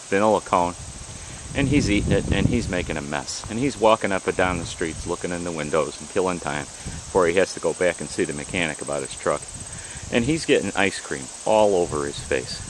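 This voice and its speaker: A man telling jokes in a halting, rambling way, pausing often to search for words. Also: deep voice. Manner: rambling, halting storyteller with many "uh"s. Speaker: joke teller. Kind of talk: casual joke telling. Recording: noisy outdoor recording with crickets.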